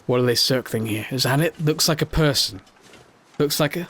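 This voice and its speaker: A man's voice: fairly high pitch, fairly quick, fairly bright tone. A man hosting a let's play, giving playful, self-mocking gameplay commentary. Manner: playful, self-mocking, jokes while playing.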